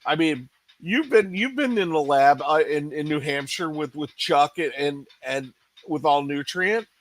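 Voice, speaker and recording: Male podcast co-host, rant-style casual talk, slightly high voice, dry recording. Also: lively intonation, measured pace, no room sound. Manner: ranting, many restarts and "you know".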